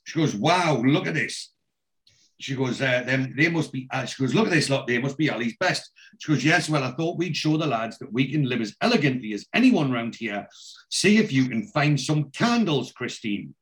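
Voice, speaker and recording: A man's voice: medium pitch, animated, fairly quick. A man co-hosting a casual chat, retelling scenes and quoting characters with lots of fillers and restarts. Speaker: podcast co-host recapping a TV episode.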